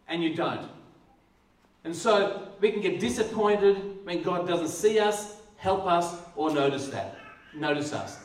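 Male pastor, high voice, earnest sermon, roomy echoing church hall, heard from a distance. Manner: earnest, repeats words when starting phrases. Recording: echoey hall, voice from far off.

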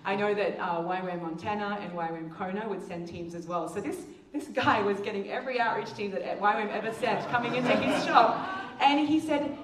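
A woman giving a presentation with slides, telling stories lively and acting out the voices of the people she quotes. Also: medium pitch, brisk, few pauses, crowd noise. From Australia. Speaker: missions speaker. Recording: echoey room, distant mic, faint ambience.

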